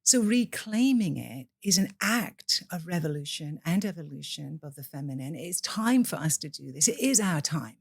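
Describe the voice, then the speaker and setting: A woman's voice: deep voice, lively intonation, moderate pace, creaky, hardly any pauses, husky, dry recording, clean studio sound. A woman from the UK, a priestess guest in a podcast interview, speaking in an impassioned, preacher-like way.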